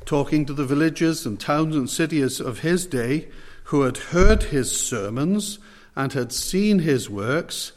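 A man preaching a sermon, emphatic and slowing down to stress key phrases. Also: a little high, expressive, darkish tone, long reverb tail.

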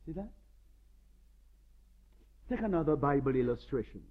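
A man's voice: on the high side, lively intonation, moderate pace, phone-quality sound. A man preaching a sermon, telling stories dramatically and with emphasis.

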